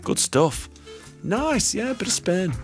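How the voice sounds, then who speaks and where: Jokey studio radio host, man, animated delivery, quick with self-deprecating banter. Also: sits high, soft background music.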